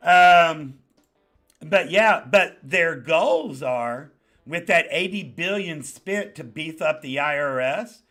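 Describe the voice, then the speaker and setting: Hosting a live chat, a man from the Bronx with a New York accent speaks slowly in a bright, forceful, slightly high voice. He's casual and animated, greets viewers by name, and drives points home through repetition, with faint music underneath.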